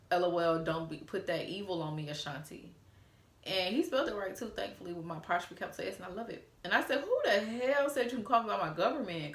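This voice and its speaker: A young woman from Atlanta, telling a story casually and reading out text messages in an animated way. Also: mid-range voice, roomy sound. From Atlanta, USA. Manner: animated, reads out texts in a playful drawl. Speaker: storytime vlogger.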